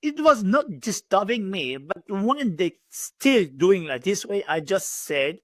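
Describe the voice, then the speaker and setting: Animated young man, English. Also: high voice, unhurried, hardly any pauses, dry recording. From Ivory Coast. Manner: non-native English, animated, says "you know" and "bro" often. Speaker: guest. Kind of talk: casual interview chat. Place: small room in military lodging.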